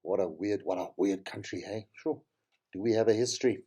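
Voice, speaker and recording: Husky South African man, rambling monologue. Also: lowish voice, fairly quick, mellow. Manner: rambling, tangential, chatty. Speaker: podcast host. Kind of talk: casual monologue.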